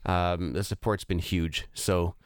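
A man's voice: low-pitched, steady tone, slow pace, clear, resonant tone, no echo, clean studio sound. A man, hosting a real estate talk show in a chatty way, with many fillers and restarts. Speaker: radio show host. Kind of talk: casual chat.

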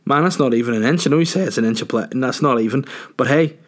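A man's voice: mid-range voice, fast, natural voice. Northern Irish man as an upbeat teasing woman politician, light impression.

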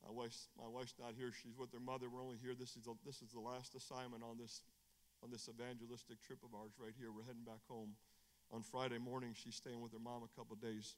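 A middle-aged man, an evangelist, preaching a testimony sermon, animated, swinging from hushed storytelling to shouting. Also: medium pitch, quick pace, in a large hall. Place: church.

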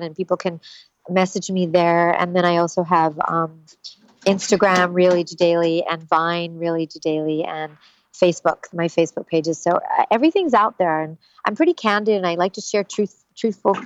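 A lower-pitched woman talks earnestly and candidly as an interview guest, drifting through her thoughts. The sound is dry and a bit dull. She rambles warmly about her work. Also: steady tone, a little fast, no room sound. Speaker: voice actor guest. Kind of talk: casual interview chat.

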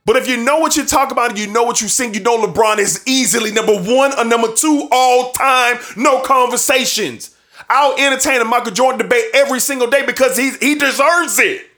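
A man's voice: extremely high pitch, a little fast, bright, forceful tone. A man hosting a sports show, ranting emphatically and repeating his points for effect, with bursts of laughter between points. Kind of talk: sports opinion rant.

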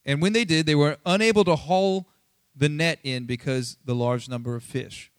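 A pastor giving a casual, conversational sermon, chatty and animated, acting out Bible scenes in quick asides. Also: male voice, on the high side, smooth, dry recording, studio quality. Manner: chatty, animated, acts out Bible quotes, many fillers.

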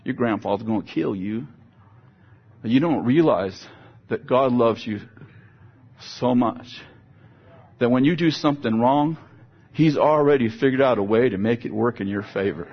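A man preaching a sermon, telling a lively personal story and moving into prayer, with a husky voice. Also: mid-range voice, normal speed, pauses often, muffled recording.

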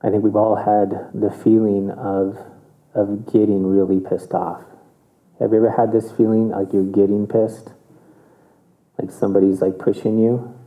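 A man's voice: lowish voice, flat delivery, measured pace. A man giving a casual meditation talk, conversational and chuckling, often checking in with his listeners. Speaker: meditation teacher. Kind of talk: relaxed dharma talk. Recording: tinny phone-like audio.

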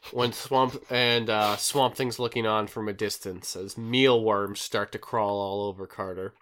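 A man's voice: on the low side, steady tone, measured pace, a bit bright. A man hosting a podcast who recaps a show in a rambling, casual way, full of fillers. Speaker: podcast host recapping an episode. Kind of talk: casual chat.

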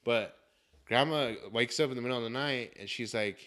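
A young man hosts a casual podcast and tells stories with lots of swearing and animation. His voice is bright and his pitch is mid-range. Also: normal speed. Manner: profane, animated storytelling. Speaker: podcast host.

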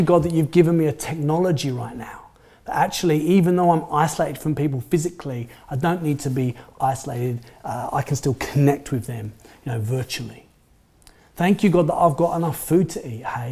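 Male pastor, conversational sermon, mellow voice pitched a bit high, lots of "you know". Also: slightly rough. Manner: chatty, frequent "you know" fillers.

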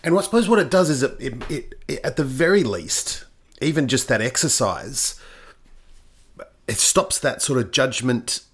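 A man's voice: medium pitch, expressive, normal speed, slightly rough. A man co-hosting a podcast, summing up points and steering the casual talk back to the topic. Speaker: podcast co-host. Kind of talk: casual conversational chat.

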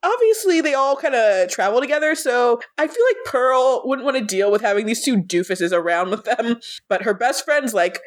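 A woman's voice: a little high, animated, normal speed, few pauses. A woman hosting a casual podcast chat, teasing and playful with her co-hosts. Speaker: podcast host and editor.

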